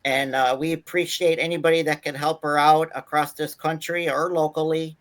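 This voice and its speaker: A man's voice: fairly high pitch, flat delivery, moderate pace, a bit bright. Rambling man hosting a wrestling show. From Buffalo area, New York. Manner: rambling, with many fillers. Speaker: host. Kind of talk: casual talk-show hosting.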